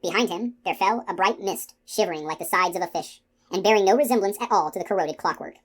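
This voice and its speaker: A woman reading a fantasy novel aloud in a soft, hushed storytelling manner. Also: mid-range voice, fast talker. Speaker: audiobook reader. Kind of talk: audiobook narration.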